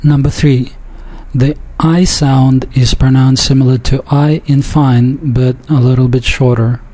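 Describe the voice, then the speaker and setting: Guy teaching pronunciation real slow, mellow low-key voice, repeats stuff carefully. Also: fairly even intonation, poor audio. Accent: speaks a Yiddish dialect. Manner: deliberate, repeats words slowly, with pauses and small restarts. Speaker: language teacher. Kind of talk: slow classroom-style pronunciation lesson.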